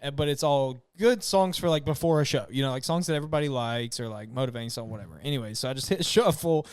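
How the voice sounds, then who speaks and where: A man's voice: medium pitch, fast, smooth, no echo, studio quality. A man from Tennessee, chatting casually on a podcast and laughing through his stories.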